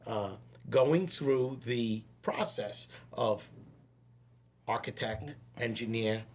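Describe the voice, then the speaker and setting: A man hosting a podcast interview, talking in a rambling way, repeating words and slowing down to stress his points. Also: medium pitch, darkish tone, slight background noise. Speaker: podcast host. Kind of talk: casual interview.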